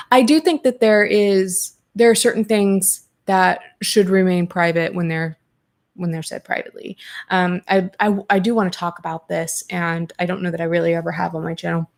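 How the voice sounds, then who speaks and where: A young adult woman hosting a podcast, reading viewer comments and reacting in a candid, animated way, swearing freely. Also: lowish voice, moderate pace, creaky. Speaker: podcast host.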